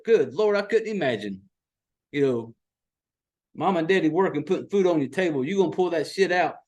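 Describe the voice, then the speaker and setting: A middle-aged man, exasperatedly recapping a movie in a profane, animated podcast rant. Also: sits high. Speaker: podcast host.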